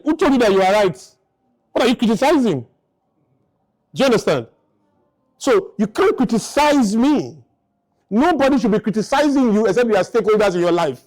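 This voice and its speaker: Speaking to a live crowd, this fifty-something motivational speaker has a very high, somewhat mellow voice. He's emphatic, pelting listeners with rhetorical questions.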